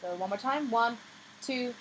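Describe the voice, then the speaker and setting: A woman's voice: on the high side, a little slow, loud music behind the voice. Patient woman coaching a singing lesson. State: slightly scratchy voice. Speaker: voice teacher.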